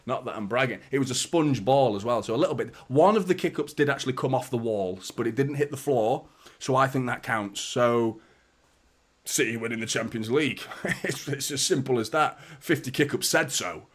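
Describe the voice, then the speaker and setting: A man's voice: medium pitch, normal speed, husky. Chatty man on a live stream. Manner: chatty, greets viewers by name, swears casually. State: a little out of breath. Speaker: football watchalong streamer. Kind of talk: casual live stream chat.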